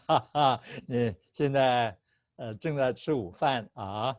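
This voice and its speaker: A man's voice: mid-range voice, slow, dry recording. A male teacher running an online class, patient, switching between Chinese and English and laughing often. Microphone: video call. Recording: slightly dull video call audio.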